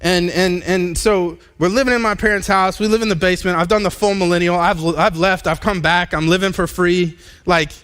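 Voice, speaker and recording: A man in his thirties, a pastor, preaching a candid personal testimony in a live church sermon, halting and restarting as he talks. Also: high voice, steady tone, fairly bright tone, clear, resonant tone. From United States. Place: church sanctuary.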